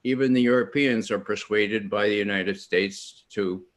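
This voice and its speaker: A man's voice: on the low side, fairly even intonation, moderate pace. An older man speaking on a panel at an online event, telling stories animatedly with frequent restarts and acted-out quotes. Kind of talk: storytelling talk at an online event.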